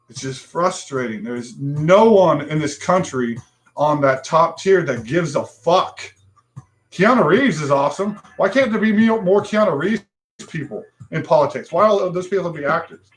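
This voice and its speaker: A man's voice: on the high side, lively intonation, measured pace, fairly bright tone. A man hosting a livestream talk show, ranting bluntly with frustration and swearing.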